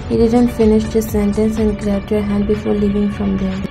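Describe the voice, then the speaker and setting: A woman narrating a fan-fiction story in an even, unhurried reading voice. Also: mid-range voice, poor audio. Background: faint music.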